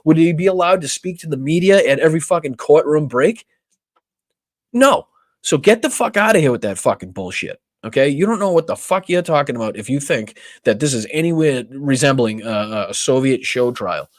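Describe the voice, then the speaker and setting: A man's voice: medium pitch, animated, a little fast, few pauses, no echo. A man with a Boston accent hosting a political live stream, ranting with heavy profanity. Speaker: political podcast host.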